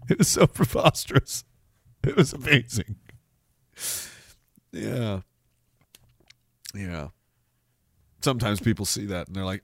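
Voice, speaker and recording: A male livestream host who riffs on chat with a sardonic, rambling delivery. His pitch moves around a lot. The recording is dry and close to the mic. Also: lively intonation, slow pace, gravelly, long pauses, a bit bright, no room sound. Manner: sardonic, rambling, laughs often. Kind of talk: casual livestream commentary, reading chat.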